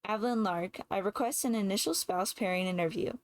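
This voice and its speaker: A woman's voice: mid-range voice, a little fast, slight background noise, natural voice. A woman reading as a stiff, formal young man. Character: formal young man writing a matching request.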